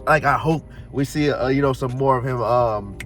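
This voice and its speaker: A man giving an excited, slangy spoken film review, rambling and breaking into laughs and shouts. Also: mid-range voice, moderate pace, soft background music. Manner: slangy, rambling, restarts mid-sentence. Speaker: anime reviewer.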